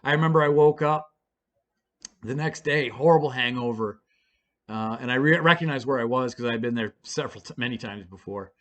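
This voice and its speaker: A man's voice: medium pitch, brisk, fairly bright tone. A man casually telling a story, rambling and swearing freely with lots of fillers. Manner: rambling and profane, with many fillers. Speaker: storyteller vlogger.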